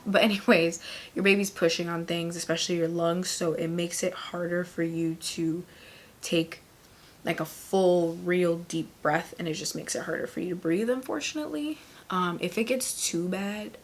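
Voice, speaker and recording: Woman vlogger, heavily pregnant and winded; low-ish, casual, rambling delivery with breathy near-whispers. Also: normal speed. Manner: chatty and rambling, many fillers, laughs often. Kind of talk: casual chat to camera.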